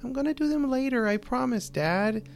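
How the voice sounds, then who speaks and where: A man's voice: expressive, normal speed, creaky, heavily acted. A man doing an eager six-year-old girl. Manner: high, bright childlike pleading.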